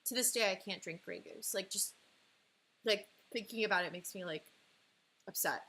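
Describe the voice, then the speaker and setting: Speaking at a moderate pace, this Californian livestream artist and host in her twenties shares a personal story. Her mid-range voice sounds pushed and bright. She's chatty and emotional, leans heavily on "like" and keeps breaking into laughter, with slight background noise behind her.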